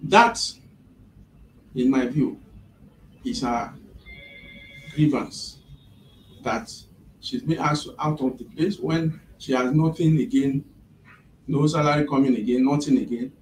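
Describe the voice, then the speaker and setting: A man's voice: medium pitch, takes it slowly, pauses often, slight background noise. A man, retelling events step by step as an employer's representative in a mediation session. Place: office. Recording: echoey room from a distant mic.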